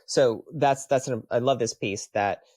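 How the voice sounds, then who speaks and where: A man co-host talks through relationship advice at an even, middle pitch. He is reflective and now and then hunts for the right phrase. The sound is dry and close. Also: unhurried, no room sound. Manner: thoughtful, searching for words. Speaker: podcast co-host. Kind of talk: casual advice conversation.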